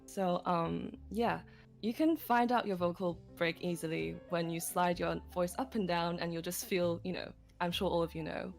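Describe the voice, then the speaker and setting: A woman's voice: fairly low pitch, steady tone, moderate pace, vocal fry, faint music behind. A woman teaching singing technique on a livestream, explaining step by step with frequent light laughs. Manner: patient, giggly, explains step by step.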